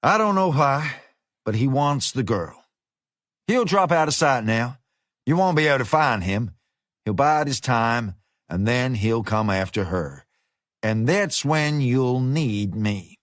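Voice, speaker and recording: A man voicing a smooth, menacing male American fixer who talks with easygoing slang. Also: medium pitch, lively intonation, slow pace, fairly bright tone, no room sound, clean studio sound. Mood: drawling menace.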